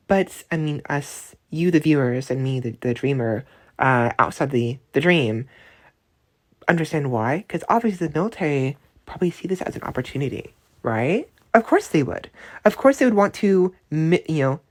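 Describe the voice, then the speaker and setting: A woman's voice: low voice, lively intonation, normal speed. A woman casually recounting a dream she had, rambling with many restarts and asking "right?" as she goes. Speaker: dream storyteller. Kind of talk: casual voice-memo storytelling.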